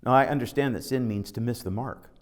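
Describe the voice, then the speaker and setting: This spiritual teacher has a medium-pitched voice and a brisk delivery. In an informal talk, he tells stories in a conversational way, voices the characters' dialogue, and now and then reads from scripture.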